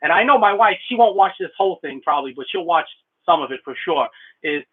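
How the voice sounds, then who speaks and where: A talkative middle-aged man rambles through a casual live stream, laughing often and thanking viewers. His voice sits a little high and sounds husky. The sound is thin and phone-like, from a small room. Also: lively intonation, quick pace. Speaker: blacksmith streamer answering viewer questions.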